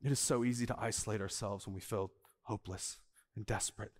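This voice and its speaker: A male pastor preaching a sermon to a church. He moves from soft, slow lines to loud, high bursts for emphasis and laughs lightly with the room. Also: fairly even intonation, big-room sound. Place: church auditorium.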